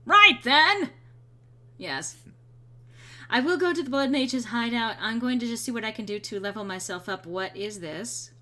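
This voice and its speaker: A woman's voice: on the high side, animated, fairly quick. A woman streaming a game, chatting casually with playful, rambling asides. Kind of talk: casual gameplay commentary.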